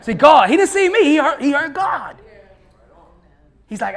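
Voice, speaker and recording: A man speaking as a motivational speaker, telling a story live in a lively, slangy way, often laughing and acting out what others said. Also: very high-pitched, unhurried.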